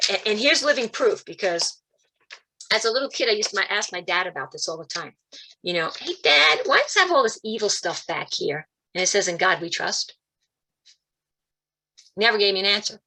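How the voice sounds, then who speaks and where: Woman guest on a video call, bright and animated storyteller, acts out quotes. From Italian-American, Calabrese roots. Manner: animated storytelling, quotes voices with big pitch jumps. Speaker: guest speaker. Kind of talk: spiritual talk on a video call.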